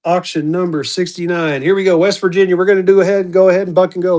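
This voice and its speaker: A man running a live-stream auction, chatty and upbeat, slipping into a quick auctioneer chant, his voice going hoarse. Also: high-pitched, little pitch movement, darkish tone. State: losing his voice.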